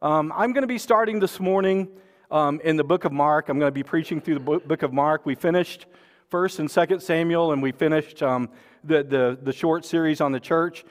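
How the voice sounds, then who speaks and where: A man's voice: a little high, moderate pace, in a large hall. A man preaching a sermon and making church announcements, folksy and joking, with many fillers and restarts. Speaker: pastor.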